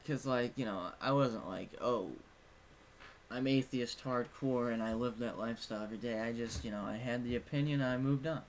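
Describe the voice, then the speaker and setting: A man's voice: medium pitch, normal speed, a little hiss or hum. Young man rambling frankly through a story. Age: young adult. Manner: rambling, frank, swears casually. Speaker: vlogger. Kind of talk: casual personal storytelling.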